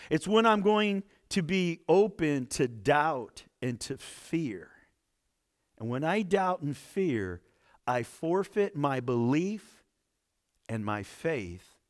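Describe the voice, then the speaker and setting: A man pastor preaching a sermon, reading scripture dramatically with acted-out quotes and dropping to quiet low asides between loud points.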